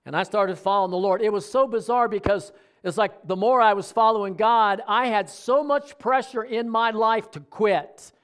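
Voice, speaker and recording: A man's voice: high-pitched, normal speed, fairly bright tone, clean tone. A middle-aged man preaching a sermon, talking with his congregation and asking them questions. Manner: conversational preaching with audience questions. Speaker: pastor.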